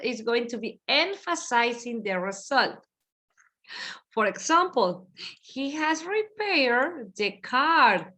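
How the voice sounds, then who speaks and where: Over a video call, an English teacher with a high, bright voice runs an online grammar class. Her style is explanatory and repetitive, mixing Spanish in with her English.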